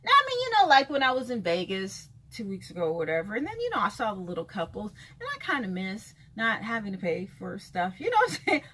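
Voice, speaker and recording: A woman's voice: medium pitch, huge pitch swings, quick pace, few pauses, pushed and bright, slight background noise. A woman giving a frank, emphatic vlog monologue, often repeating phrases for effect. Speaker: vlogger.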